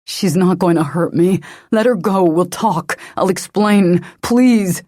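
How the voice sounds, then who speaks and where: A woman's voice: fairly low pitch, takes it slowly, warm tone, no room sound, studio quality, pitched above the performer's own voice. A woman narrator voicing a desperate, wounded male agent who pleads urgently. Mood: pleading.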